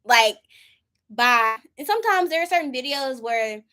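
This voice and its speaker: A woman's voice: high-pitched, lively intonation, moderate pace, sharp tone. A woman in her twenties leading a Bible study in a casual, informal way, acting out her own prayers as she talks. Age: 20s.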